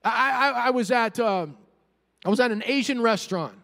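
A man preaching a sermon as pastor, animated and humorous, calling out to his congregation. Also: very high voice, moderate pace, vocal fry, long reverb tail. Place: church sanctuary.

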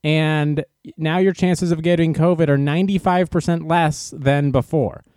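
A man giving casual opinion commentary in an animated, sarcastic way, laughing at his own jokes. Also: a little high, normal speed, no room sound, clean studio sound. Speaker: commentary host.

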